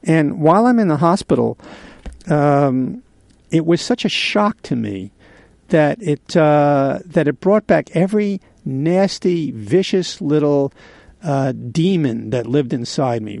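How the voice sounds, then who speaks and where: A man in his sixties hosting a radio show, telling a candid personal story in a halting way with many pauses and fillers. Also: on the high side, vocal fry, a little mellow, dry recording. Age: 60s. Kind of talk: confessional radio monologue.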